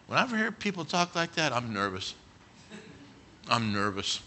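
Very bright-voiced male preacher. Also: mid-range voice, big pitch swings, normal speed, long pauses, slight background noise. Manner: storytelling, swings from quiet asides to loud near-shouts. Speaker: pastor. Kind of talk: sermon.

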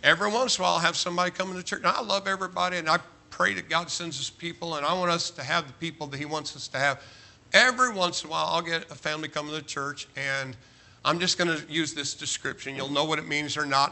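A man's voice: a little high, gravelly, sharp tone. A man preaching a sermon to a large church, emphatic and joking, firing off rhetorical questions. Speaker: pastor.

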